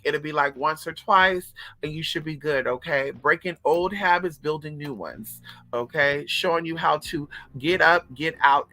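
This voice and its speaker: A woman's voice: deep voice, sharp tone, dry recording. A woman telling stories straight to her viewers in a casual, profane vlog, as a spiritual coach who runs online classes.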